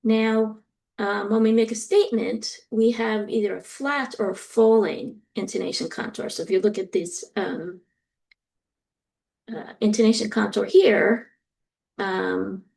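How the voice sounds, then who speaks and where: A woman lecturer explaining a topic step by step, often pausing with ums and acting out example sentences. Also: medium pitch, gravelly, darkish tone. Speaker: university lecturer. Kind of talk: recorded lecture.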